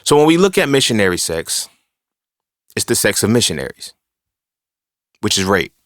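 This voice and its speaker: This is a man's casual solo podcast monologue, emphatic and profane, wandering from point to point with frequent "you feel me" asides. He speaks on the low side at a moderate pace, his pitch swinging widely and his tone fairly bright. The sound is dry and clean, studio grade.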